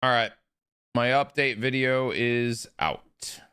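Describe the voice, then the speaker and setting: Casual male streamer, low crisp voice, dry close mic, swears freely. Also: fairly even intonation, takes it slowly, bright, forceful tone, dry recording. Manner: loose, swearing, talks to chat. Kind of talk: casual live-stream chat.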